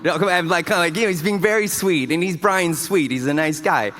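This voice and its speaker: A man's voice: medium pitch, fast, hardly any pauses, fairly bright tone. A man giving a casual, enthusiastic award acceptance speech in a large hotel ballroom, telling stories to the audience. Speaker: award recipient. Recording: long hall reverb.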